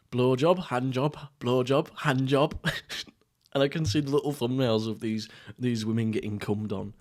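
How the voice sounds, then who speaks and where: A young man from England chats alone into a mic as he eats, drifting from one crude, deadpan joke to the next. His voice sits at an ordinary middle pitch and his delivery stays loose and unhurried. The mood is casual and lightly mischievous throughout. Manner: rambling, jokey, crude, deadpan. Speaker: podcast host. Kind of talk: casual solo mukbang chat.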